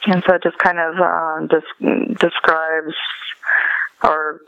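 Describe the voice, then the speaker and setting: Hesitant female author guest on a muffled phone call, smooth voice with some fry. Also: deep voice, little pitch movement, takes it slowly, no echo. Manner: hesitant, soft, many fillers. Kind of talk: interview over a phone call.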